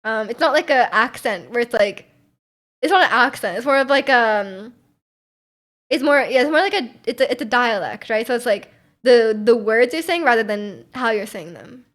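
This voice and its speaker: A young woman talks loosely to her stream chat, wandering through her thoughts with plenty of "like" and small laughs. Her voice sits a little higher than most. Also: expressive, normal speed, fairly bright tone. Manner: rambling, heavy use of "like", frequent laughs. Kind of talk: casual chat with viewers.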